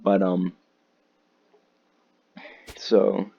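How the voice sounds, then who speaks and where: A man's voice: deep voice, completely flat delivery, very slow, gravelly, slightly rough. A teenage boy telling a rambling, profane story about his school day, full of "like" and "dude". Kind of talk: casual storytime. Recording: slightly dull lo-fi audio, faint noise.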